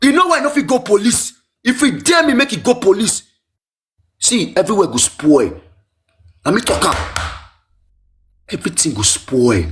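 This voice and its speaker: Animated Nigerian Pidgin man telling his story. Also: normal speed, long pauses. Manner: animated, pitch swinging high and low, repetitive. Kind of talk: emotional personal storytelling.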